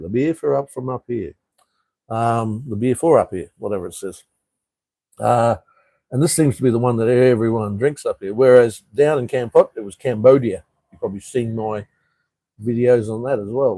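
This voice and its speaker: A man's voice: mid-range voice, mellow, dry recording, rough recording. An Australian man hosting a casual live stream chat from a room above a street, rambling with frequent ums and uhs. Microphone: camera he turns toward the street.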